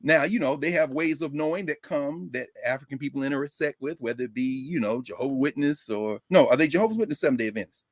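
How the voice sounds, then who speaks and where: A man giving a lively informal lecture, telling stories with a preacher-like rhythm and frequent laughter. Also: mid-range voice, fast, few pauses, no echo, studio quality. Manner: animated storyteller, preacher-like rhythm, laughs often.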